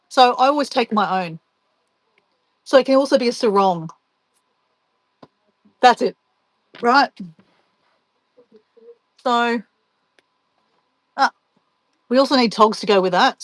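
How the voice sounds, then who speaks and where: Chatty woman, bright voice. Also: fairly high pitch, no echo. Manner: chatty and playful, laughs often, talks to herself while packing. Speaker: travel vlogger. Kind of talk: casual livestream chat reading viewer comments.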